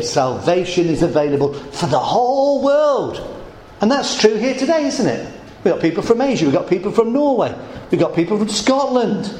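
A middle-aged pastor preaching a sermon, emphatic and rhetorical, slowing words down for effect, in a church hall. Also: male voice, high-pitched, a little mellow, a little hiss or hum.

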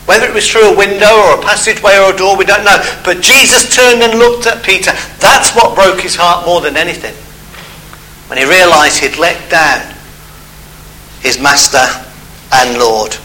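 A man's voice: high voice, steady tone, brisk, pushed and bright, a little hiss or hum, poor audio. A man preaching a sermon, telling a Bible story and acting out the characters' voices.

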